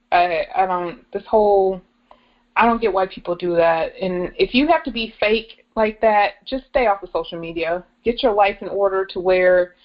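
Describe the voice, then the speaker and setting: A woman in her thirties, a podcast co-host, talking bluntly in casual chat, cursing and laughing often. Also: on the low side. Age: 30s. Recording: muffled lo-fi podcast recording.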